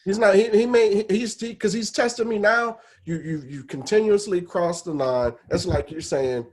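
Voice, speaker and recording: A man's voice: high voice, normal speed, hardly any pauses. A man co-hosting a casual podcast, emphatic, repeating words as he builds his point. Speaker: podcast co-host.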